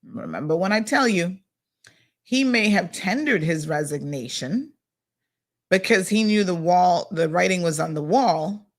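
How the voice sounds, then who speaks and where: A woman hosting a casual local news chat, chatty and animated, full of asides and fillers. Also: on the low side, unhurried. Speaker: host.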